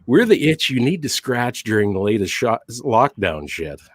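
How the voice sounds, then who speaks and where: A man's voice: medium pitch, sing-song, moderate pace, dry recording, studio quality. A man hosting a casual podcast, joking crudely and laughing a lot between reads. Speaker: podcast host.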